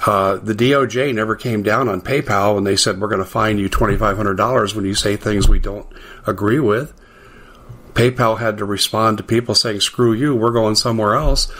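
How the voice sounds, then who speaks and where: A middle-aged man with a fairly low voice hosts a talk radio show. He delivers a political monologue with an emphatic, indignant edge, pushing his pitch up to hammer home the words he cares about. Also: brisk, fairly bright tone, husky. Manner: emphatic, indignant, rising to stress key words.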